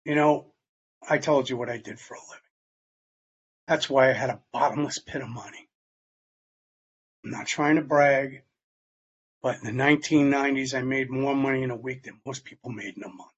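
An older man speaking in a conversational storytelling way about his recovery, acting out the dialogue he quotes, with a husky voice. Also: mid-range voice, steady tone, moderate pace, long pauses, dull audio. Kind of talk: personal testimony talk.

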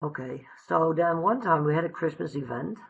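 A woman's voice: low-pitched, expressive, normal speed, vocal fry, muffled recording. A woman from the Netherlands giving a heartfelt, candid personal recovery share, swearing freely. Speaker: recovery meeting speaker.

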